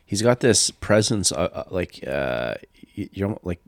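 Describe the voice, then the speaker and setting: A man's voice: low voice, sing-song, normal speed, no echo, studio quality. A man co-hosting a podcast, chatting casually about a TV show, agreeing often and searching for words. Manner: agreeable, hesitant, many fillers and backchannels. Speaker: podcast co-host.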